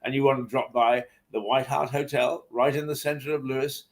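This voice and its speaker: A man's voice: mid-range voice, fairly even intonation, normal speed. A man hosting a casual interview, hesitant, with many fillers and restarts. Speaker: host. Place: hotel.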